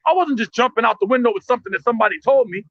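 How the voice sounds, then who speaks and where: A man's voice: extremely high pitch, expressive, very fast, dry recording, dull audio. A man speaking in heated, blunt commentary, profane and impassioned, often restarting his sentences.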